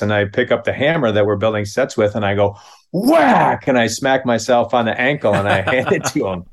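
A man in his fifties from Minneapolis, telling a comic story in a halting, self-deprecating way with many restarts. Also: lowish voice. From Minneapolis, United States.

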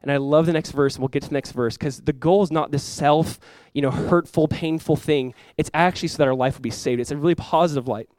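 A young adult man preaching a sermon as pastor, casual and animated, full of "like" asides. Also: fairly high pitch, fast talker, hardly any pauses, dry recording. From South Florida.

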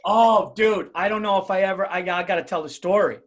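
A man's voice: high-pitched, brisk. A middle-aged man hosting a podcast, telling stories on himself with lots of laughter. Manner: laughing, self-mocking storyteller. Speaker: podcast host. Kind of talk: casual podcast chat.

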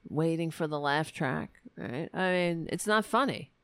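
Woman, political commentary host, sarcastic profane rant, slow delivery, dry close sound. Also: deep voice, animated, fairly bright tone, clear, resonant tone, dry recording. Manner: sarcastic, profane, exasperated ranting.

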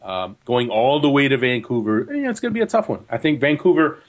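A man's voice: medium pitch, sing-song, quick pace. A man from New Jersey co-hosting a soccer podcast, talking casually and joking, with frequent restarts. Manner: chatty, joking, lots of restarts. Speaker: podcast co-host.

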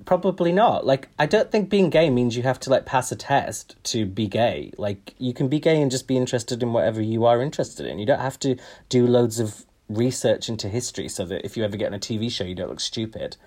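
A man co-hosting a podcast in casual, self-mocking, expressive chat. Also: mid-range voice, brisk. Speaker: podcast co-host.

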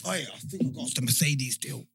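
A young man with a London accent, hosting a podcast and telling stories in animated, slang-heavy casual chat. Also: mid-range voice, fast, creaky, a little hiss or hum. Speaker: podcast host.

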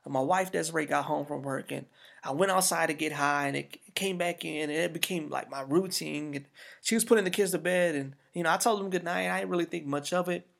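Man, pastor, sermon, slightly high voice, gravelly, conversational and emphatic. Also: a bit bright. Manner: conversational and emphatic, addresses the congregation directly.

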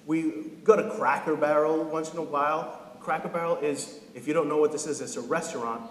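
A man in his thirties gives a chatty, humorous sermon in a church, his slightly high voice ringing through the hall. The room is reverberant, with a long echo trailing his words. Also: fairly even intonation, brisk. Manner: casual and joking, often checks in with "right?". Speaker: pastor. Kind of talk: conversational sermon. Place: church sanctuary.

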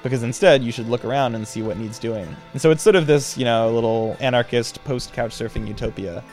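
Guy telling a travel story, chatty and loose with lots of ums, mid pitch, faint guitar behind. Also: brisk, darkish tone. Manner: casual and chatty, with many fillers. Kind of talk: personal travel story told aloud.

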